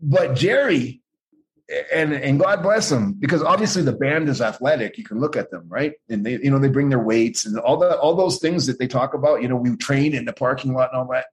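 A man's voice: mid-range voice, brisk. Profane rambling man telling stories. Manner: profane, rambling, acts out quoted voices. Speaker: guest, former pro wrestler. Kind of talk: casual storytelling interview.

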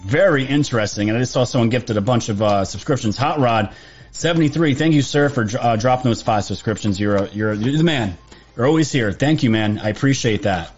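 A man's voice: medium pitch, lively intonation, brisk, husky, muffled recording, faint music behind. Chatty male livestream host. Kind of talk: live political commentary stream.

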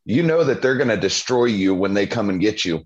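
A man's voice: on the low side, lively intonation, fairly quick. A man co-hosting a podcast, telling a laughing anecdote in casual chat. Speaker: podcast co-host. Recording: dull lo-fi sound.

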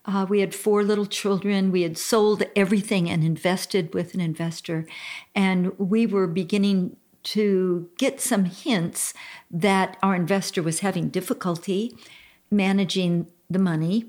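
This is an older woman hosting a Christian talk program. She speaks very slowly and deliberately. Her tone is earnest and heartfelt, and she leans into each phrase as she gives counsel. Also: medium pitch, steady tone, darkish tone. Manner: slow-paced. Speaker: radio show host.

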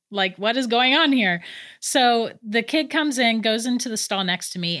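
A woman, probably in her thirties and a mother of three, chattily telling a true ghost story with quick laughs. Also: medium pitch. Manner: chatty, animated, laughs between lines. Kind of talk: casual spoken ghost story.

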